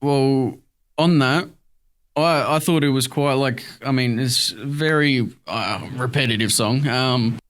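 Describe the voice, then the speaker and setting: A man's voice: mid-range voice, measured pace, a bit bright. A young man, co-hosting a casual podcast chat about music and talking in a rambling, hesitant way full of fillers. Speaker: podcast co-host.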